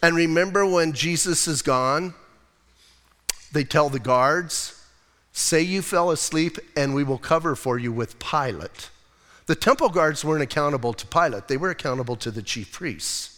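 A man preaching a sermon as pastor, casual and lively, asking the congregation questions as he goes. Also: on the high side, normal speed, in a large hall. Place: church.

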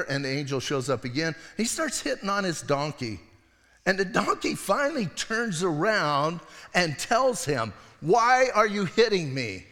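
A man's voice: sits high, bright, forceful tone, long reverb tail. A middle-aged male pastor giving a sermon, retelling the story in a casual, conversational way with acted voices.

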